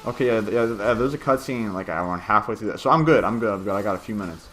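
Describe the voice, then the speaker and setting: Male gameplay commentator, bright and punchy delivery, rambling and casual with swearing. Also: on the low side, lively intonation, fast talker. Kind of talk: casual game walkthrough commentary.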